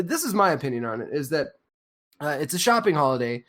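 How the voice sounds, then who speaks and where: A man with a fairly high voice hosts a loose, unscripted podcast. He rambles and swears freely, and he stacks up fillers as he works his way through a thought. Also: big pitch swings, quick pace, a bit bright. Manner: rambling, profane, many fillers. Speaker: podcast host. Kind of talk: casual podcast chat.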